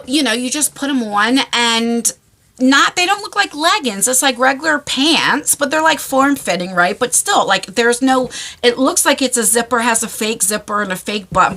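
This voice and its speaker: A woman chatting casually in a storytime vlog, laughing and squealing as she tells an embarrassing tale. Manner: animated, laughing, breaks into high squeals. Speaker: vlogger. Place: parked car.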